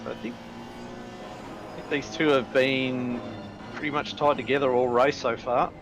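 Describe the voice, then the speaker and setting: A man calling the play-by-play of an online sim race in a lively way. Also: medium pitch, moderate pace, over music. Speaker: race commentator.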